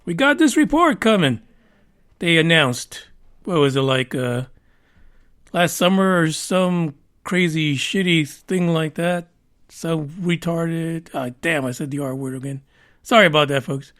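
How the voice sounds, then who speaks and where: A man's voice: on the high side, expressive, measured pace, fairly bright tone. A man hosting a podcast, giving rambling, profane and sarcastic commentary on the news. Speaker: podcast host. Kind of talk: casual news commentary rant.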